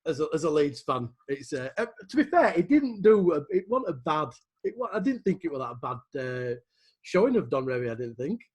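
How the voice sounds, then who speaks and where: A man's voice: fairly high pitch, big pitch swings, fairly quick, a little mellow, husky. A man interviewing a guest in casual chat, laughing often.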